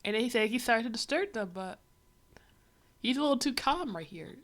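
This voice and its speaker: A woman's voice: on the high side, expressive, brisk. A woman livestreaming as she reads a comic, giving a rambling, wry running commentary full of fillers. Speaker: livestreamer reading a comic aloud.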